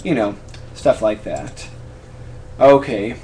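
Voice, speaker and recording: A man's voice: lowish voice, big pitch swings, a little slow, long pauses, darkish tone, slight background noise. Chatty young man answering fan questions. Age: 20s. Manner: rambling, self-correcting, chatty. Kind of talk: casual vlog Q&A. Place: apartment room.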